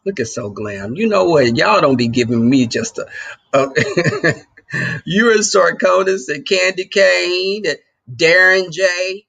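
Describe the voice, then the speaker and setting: A man's voice: high-pitched, unhurried, vocal fry, pushed and bright. A man hosting a livestream, chatting loosely and jokingly with his viewers. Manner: loose and joking, talks straight to the chat. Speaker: livestream host. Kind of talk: casual chat with live viewers.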